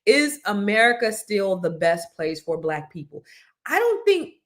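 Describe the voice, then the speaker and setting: A woman's voice: mid-range voice, very animated, unhurried. A woman from California hosting a casual panel talk show, chatty and playful. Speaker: host.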